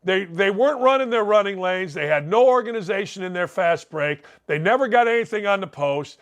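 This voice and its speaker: A middle-aged man from Indiana hosting a sports talk show, telling a story in a brash, loud, jokey way. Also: high voice, animated. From Indiana, USA. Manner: loud, fast-talking, brash, jokey asides. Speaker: sports talk radio host. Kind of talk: animated storytelling monologue.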